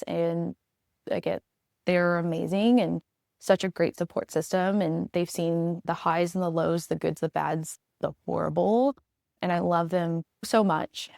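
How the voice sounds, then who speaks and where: A woman's voice: on the low side, gravelly, darkish tone, dry recording, studio quality. A young woman hosting a podcast, telling heartfelt stories about family in a casual, earnest, emotional way. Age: young adult. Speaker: podcast host, veterinary student. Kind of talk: casual solo podcast talk.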